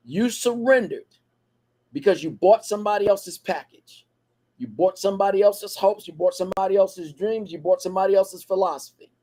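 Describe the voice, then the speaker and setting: A man's voice: sits high, warm tone. A man co-hosting a podcast, talking in a preachy motivational cadence built on repeated phrases. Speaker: podcast co-host.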